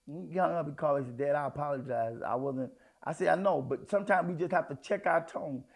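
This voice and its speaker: Gravelly high-voiced man preaching. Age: middle-aged. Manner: conversational preaching with sudden emphatic outbursts. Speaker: pastor. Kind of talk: sermon.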